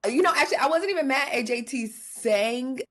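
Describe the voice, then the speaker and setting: A woman's voice: high voice, lively intonation, brisk. A woman co-hosting a podcast in casual gossip chat, blunt and profane, hammering points with repetition. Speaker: podcast co-host.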